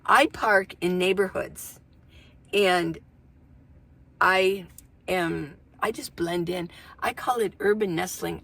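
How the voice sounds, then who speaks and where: A woman's voice: fairly low pitch, slow pace, vocal fry, pauses often, pushed and bright. An older woman vlogging about van life, chatting casually and telling stories in a folksy way. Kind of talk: casual chat to camera.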